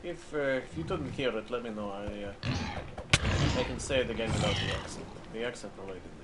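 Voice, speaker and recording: A man's voice: on the low side, fairly quick, very noisy. A man streaming a game, chatting casually with viewers and repeating himself as he answers chat. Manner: puts on a playful accent for fun. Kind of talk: casual chat while playing.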